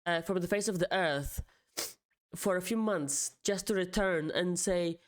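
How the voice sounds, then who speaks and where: A woman's voice: fairly low pitch, unhurried. Indignant woman streamer reacting. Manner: indignant, repeats angry questions, swears. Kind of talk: casual reaction commentary.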